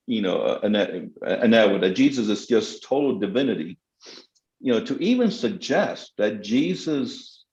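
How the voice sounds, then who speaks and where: A man's voice: mid-range voice, darkish tone, echoey room, muffled recording. A middle-aged man, a theologian answering questions in a panel talk, speaking with passion and emphasis.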